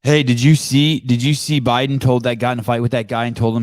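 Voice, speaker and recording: A man's voice: medium pitch, level tone, brisk, darkish tone, no echo, clean studio sound. A man hosting a live call-in podcast, off-the-cuff, sarcastic and profane. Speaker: podcast host.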